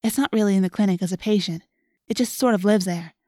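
A woman voicing a gentle, thoughtful teenage girl in a storybook. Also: mid-range voice, fast, no room sound, clean studio sound, natural voice.

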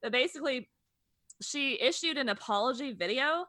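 Young woman co-host, judgy and chatty; bright tone, dry sound. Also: sits high, normal speed, no echo. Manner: gossipy, blunt, animated storytelling. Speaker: podcast co-host. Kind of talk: casual chat.

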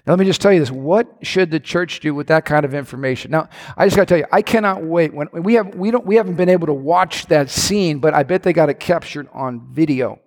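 A man preaching a sermon to his congregation, telling lively stories with playful asides. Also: fairly high pitch, a little fast, hardly any pauses, long reverb tail. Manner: animated storytelling with playful asides. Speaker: pastor. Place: church sanctuary.

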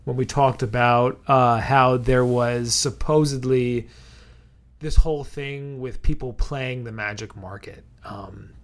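A man's voice: mid-range voice, fairly even intonation, slow. Man explaining with hesitant restarts. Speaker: podcast co-host. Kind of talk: casual chat, explaining.

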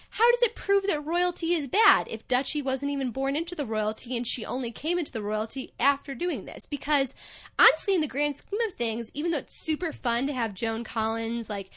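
A woman co-hosting a podcast, recapping a TV show in casual chat with lively, expressive delivery and frequent laughter. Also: sits high. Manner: animated and expressive, laughs often. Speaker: podcast co-host.

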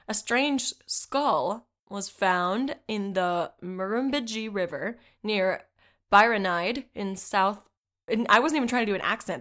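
On a laid-back podcast, a female co-host with a mid-range, fairly bright voice reads old accounts out loud. Her reading is repeatedly interrupted by laughter and profane side comments.

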